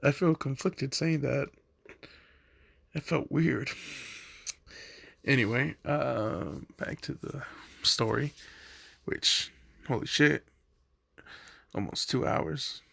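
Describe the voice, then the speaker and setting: A man's voice: medium pitch, drawn-out words, vocal fry, long pauses, pushed and bright, husky, dry recording, clean studio sound. A young man casually retelling a fan story, rambling with lots of fillers and laughing at himself.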